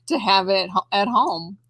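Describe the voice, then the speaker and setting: A woman sits in as a guest on a relaxed chat and chimes in now and then, with a giggle in her talk. She speaks very slowly in a bright, crisp voice. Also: medium pitch. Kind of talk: casual chat.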